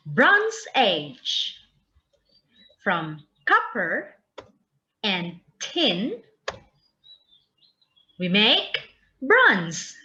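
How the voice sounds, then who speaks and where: Woman, teacher, children's vocabulary lesson, very slow, lively pitch, spells words aloud. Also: lo-fi sound.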